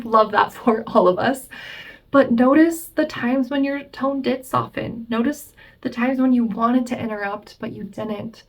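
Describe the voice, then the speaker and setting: A woman therapist giving relationship advice in a chatty vlog, explaining and acting out the things people say to themselves. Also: fairly high pitch. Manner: chatty, explains, acts out quoted self-talk. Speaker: family therapist.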